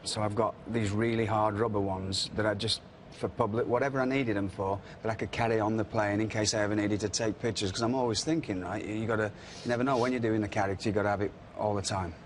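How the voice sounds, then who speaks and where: A man's voice: lowish voice, fast, hardly any pauses, a little hiss or hum. A middle-aged man, telling wrestling anecdotes in casual chat and acting out the quotes. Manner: animated anecdotes with acted-out quotes. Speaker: wrestling podcast guest. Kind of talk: casual storytelling.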